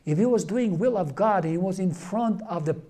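Earnest man with a mellow voice. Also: sits high. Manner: earnest, halting, with many fillers and restarts. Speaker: lay Catholic speaker. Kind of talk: informal religious talk.

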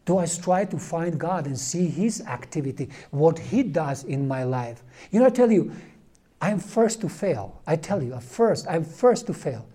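Earnest man with a mellow voice. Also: a little high, lively intonation, breathy edge. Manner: earnest, halting, with many fillers and restarts. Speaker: lay Catholic speaker. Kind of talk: informal religious talk.

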